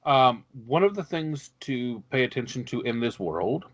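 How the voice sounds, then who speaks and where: A man explaining the rules of a tabletop game as game master, measured and patient. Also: mid-range voice, expressive, dry recording, poor audio.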